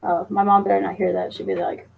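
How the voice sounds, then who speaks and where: A woman's voice: mid-range voice, level tone, quick pace, vocal fry, phone-quality sound. A woman live streamer chatting casually, teasing and reading her chat aloud, with plenty of ums and restarts. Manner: fillers and restarts.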